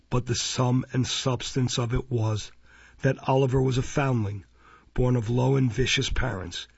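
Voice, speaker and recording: A male narrator reading a classic novel aloud in a measured, even way. His voice is gravelly and husky, recorded dry and close, with a dull, lo-fi sound. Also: mid-range voice, dry recording. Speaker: audiobook narrator. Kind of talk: scripted narration.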